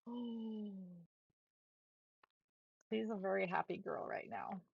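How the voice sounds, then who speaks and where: Soft-spoken woman streamer chatting casually. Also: mid-range voice, takes it slowly, vocal fry, slightly rough, no room sound, lo-fi sound. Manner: chatty, soft-spoken, talks to her pets, laughs often. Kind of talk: casual live-stream chat. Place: home office.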